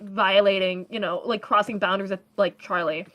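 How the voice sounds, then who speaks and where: A woman co-hosting a casual podcast chat while gaming, animated and swearing freely as she acts out her reactions. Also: mid-range voice, a little fast, muffled recording. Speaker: podcast co-host.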